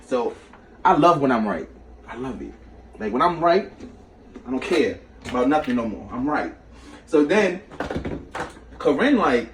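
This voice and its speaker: A man's voice: medium pitch, very animated, fairly quick, distant mic. A man talks through a recipe in a small home kitchen, loose and slangy, breaking off into side stories. He sits back from the mic, so the room echo is strong. A faint noise runs underneath. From New York. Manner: slangy, chatty, jumps between recipe and stories. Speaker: cooking show host. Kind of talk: casual cooking vlog storytelling.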